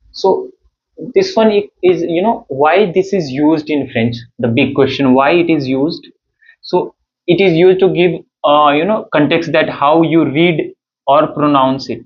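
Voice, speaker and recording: A man's voice: mid-range voice, slight background noise. A man teaching a beginner French lesson, explaining step by step with many fillers and repeated "okay"s. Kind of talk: online language lesson. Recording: dull lo-fi sound with faint ambience.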